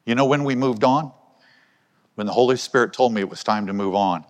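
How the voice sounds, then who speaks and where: Preacher with long hall reverb. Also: male voice, mid-range voice, a little fast. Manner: conversational, asks the congregation questions. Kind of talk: sermon. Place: church hall.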